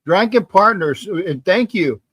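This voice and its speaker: A man's voice: high-pitched, lively intonation, measured pace, a bit bright, breathy edge, no room sound. A man hosting a live sports talk stream, chatting casually and reading viewer comments, rambling and often repeating himself. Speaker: sports talk livestream host.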